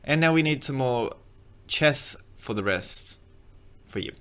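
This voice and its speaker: A gaming video creator gives a casual, rambling game tutorial, joking around and correcting himself as he plays. His mid-range voice is animated and unhurried, sounding pushed and bright.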